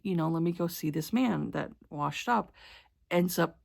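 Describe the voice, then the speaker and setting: This is a woman vlogger retelling a romance plot in a relaxed, meandering way. Her voice sits low with a gravelly fry. She piles on fillers, restarts her sentences and sometimes gets stuck on a word. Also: moderate pace. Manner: rambling, lots of fillers and restarts; stumbles over certain words. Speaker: book vlogger. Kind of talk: casual book recap.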